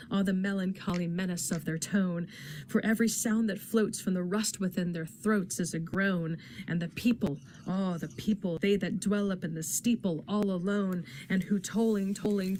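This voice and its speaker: Low-voiced woman reciting poetry dramatically. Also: dark tone, a little hiss or hum. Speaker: poetry reader in a readathon. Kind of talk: poetry reading aloud.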